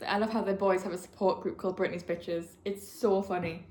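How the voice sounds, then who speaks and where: A woman's voice: mid-range voice, fairly even intonation, fairly quick, mellow. A young woman chatting to camera about books she is reading. She gushes with feeling and says "like" a lot. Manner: gushing and emotional, often saying "like". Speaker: book vlogger. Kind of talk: casual reading vlog. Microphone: camera mic. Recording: roomy echo.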